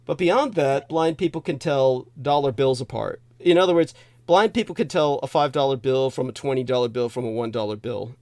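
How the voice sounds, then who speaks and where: A man's voice: mid-range voice, brisk, a little mellow. A male host telling a long personal story in a digressive, repetitive way, chuckling now and then. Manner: digressive, repeats himself, chuckles as he tells it. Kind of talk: rambling spoken storytelling.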